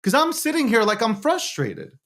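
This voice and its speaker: A man's voice: very high-pitched, very animated, moderate pace, a bit bright. A man hosting and producing a live show, talking in a heated, repetitive way with heavy swearing.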